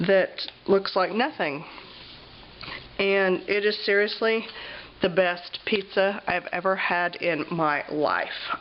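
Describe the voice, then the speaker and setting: A woman's voice: on the low side, dull audio, a little hiss or hum. A woman with a cough, chatting casually with lots of ums as she flips through her travel journal. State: has a cough, clears her throat. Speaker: vlogger.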